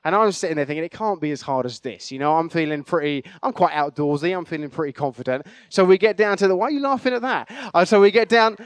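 A church leader, talking casually to his congregation. He tells stories in a chatty, self-deprecating way. His voice is smooth and a little higher than most men's, recorded close and dry. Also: no echo.

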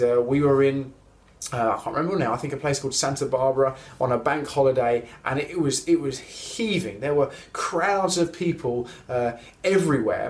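A man preaching a sermon in a conversational storytelling way, slowing down to press key lines. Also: mid-range voice. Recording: roomy echo.

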